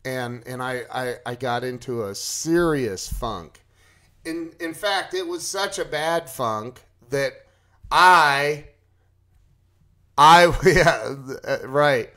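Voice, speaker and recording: A man casually telling a personal story to his live chat, animated and acting out his own panic. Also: mid-range voice, takes it slowly.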